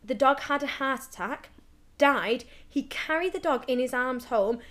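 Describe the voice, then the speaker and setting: A woman co-hosting a casual podcast with a fairly high voice. She tells stories animatedly, slipping into the voices of the people she quotes. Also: moderate pace. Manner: animated storytelling, acts out quotes. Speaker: podcast co-host. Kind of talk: casual chat.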